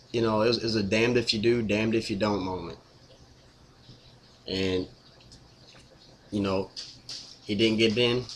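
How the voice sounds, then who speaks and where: A man's voice: fairly low pitch, slight background noise. A man ranting casually to camera as a sports fan, exasperated, repetitive and blunt.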